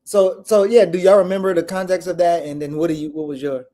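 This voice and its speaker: A man panelist with a slightly raised pitch speaks on a political talk show. He talks haltingly and restarts often, using informal slang and casual phrasing as he works toward his question. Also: fairly even intonation, mellow.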